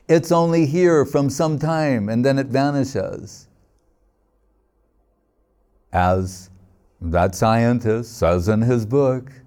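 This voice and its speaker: Guy giving a slow sermon, mellow low-key tone, keeps asking "right?". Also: smooth. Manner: unhurried storytelling with scripture quotes and frequent "right?" checks. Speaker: speaker at a devotional gathering.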